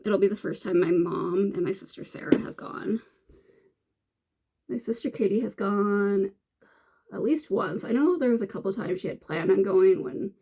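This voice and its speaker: While doing her makeup, a beauty vlogger chats and rambles casually, full of fillers and restarts. Her medium-pitched voice is warm with a creaky quality.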